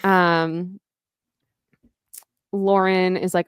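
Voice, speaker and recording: A woman co-host casually walks through a novel's chapter, slipping into its lines of dialogue as she goes. Her voice sits on the low side and sounds smooth and resonant. The recording is dry and close, with no room sound. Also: a little slow, no echo. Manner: retells scenes, voicing lines of dialogue. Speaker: podcast co-host. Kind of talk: casual book recap chat.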